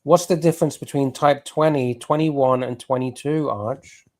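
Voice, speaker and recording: A man's voice: medium pitch, fairly even intonation, normal speed. A man hosting a casual livestream, reading viewer donations aloud, loose and sweary. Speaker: livestream host.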